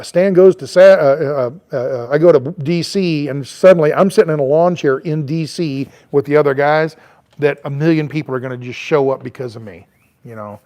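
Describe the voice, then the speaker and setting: This travel vlogger, a middle-aged man, speaks in a mellow voice pitched on the high side. He rambles casually on an outdoor porch, with plenty of fillers and restarts.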